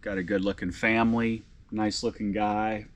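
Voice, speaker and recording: A man in his thirties hosting a casual vlog, reading fan messages aloud, halting and emotional with frequent restarts. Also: fairly low pitch, flat delivery. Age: 30s. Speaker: vlog host and tattoo artist.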